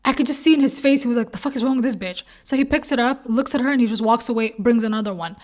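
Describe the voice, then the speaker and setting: Young woman vlogger, slightly high voice, animated storyteller who acts out quotes. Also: racing. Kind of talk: casual storytime.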